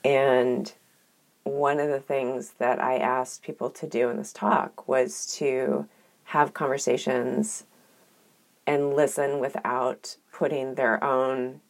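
A woman co-hosting a podcast, talking in a thoughtful, earnest and measured way in a reflective conversation. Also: a bass voice, fairly even intonation. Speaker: podcast co-host.

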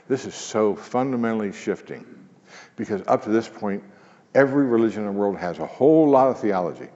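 Male pastor, low voice, conversational sermon delivery with hushed emphasis, muffled recording with long hall echo. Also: expressive, a little fast. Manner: earnest, conversational preaching with sudden hushed emphasis.

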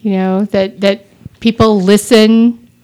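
A woman in casual podcast chat, talking at an easy middle pitch. She drifts from point to point, adding asides as she goes. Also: little pitch movement, slow, mellow, clean tone. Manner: chatty, digressive. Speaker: podcast co-host. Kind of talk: casual chat about audiobooks.

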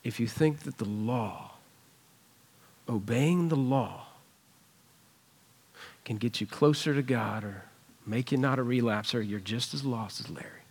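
A man's voice: mid-range voice, unhurried, long pauses. A man preaching a sermon in a church, conversational and earnest as he retells a personal story. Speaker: pastor. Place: church sanctuary.

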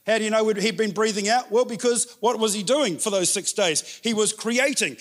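A man preaching a sermon in an animated way, repeating words for emphasis. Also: sits high, moderate pace. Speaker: pastor.

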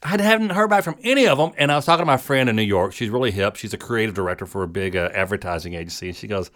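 A man's voice: lowish voice, lively intonation, very fast, hardly any pauses, fairly bright tone. A middle-aged man, a comedian, hosting his show in a rambling, chatty monologue full of fillers. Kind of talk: casual monologue.

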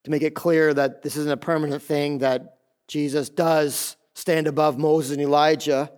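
A middle-aged man, a pastor preaching a sermon in an animated way, acting out the voices of others. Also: on the high side, normal speed, clean tone.

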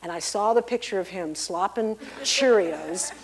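A middle-aged pastor's wife giving a lively church testimony, acting out the people she quotes. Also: medium pitch, unhurried. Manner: storytelling, acts out the people she quotes in big, loud voices.

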